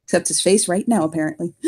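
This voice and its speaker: Laughing, joking woman player with lively pitch. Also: husky. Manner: joking, laughing often, swearing. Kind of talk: casual tabletop game chat.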